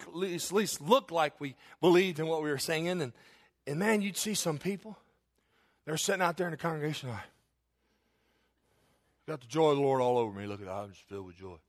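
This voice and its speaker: High-voiced preacher. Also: male voice. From Kentucky. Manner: impassioned preaching, building to shouted emphasis, calls for amens. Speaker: pastor. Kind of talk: sermon.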